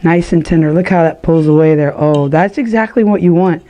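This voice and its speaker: A woman's voice: low voice, a little fast, mellow. A woman hosting a home cooking show, chatting to viewers with enthusiasm as she cooks. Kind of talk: casual cooking demonstration.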